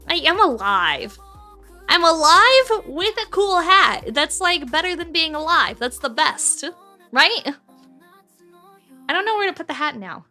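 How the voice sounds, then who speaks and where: A woman's voice: very high voice, big pitch swings, measured pace, long pauses, pushed and bright, faint music behind. A woman streamer chatting casually with her live chat from home, giggly and swearing freely.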